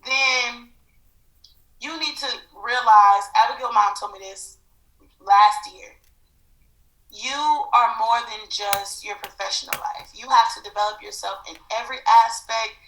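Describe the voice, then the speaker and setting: A woman co-hosts a casual podcast with a bright, fairly high voice. She gives advice in a halting, thoughtful way, pausing to find her words. The room around her rings with echo. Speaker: podcast co-host. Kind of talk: casual chat. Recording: echoey room.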